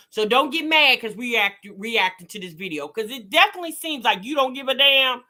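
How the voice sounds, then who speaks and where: Woman, reaction host, teasing commentary, bright and sharp tone. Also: a little high, lively intonation, brisk, hardly any pauses. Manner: loud teasing exclamations.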